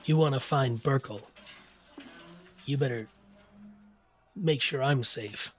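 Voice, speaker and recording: A man voicing a confident, flirtatious half-orc woman prisoner who talks slowly and teasingly. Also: medium pitch, faint music behind, natural voice. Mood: sly. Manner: slow, purring and teasing.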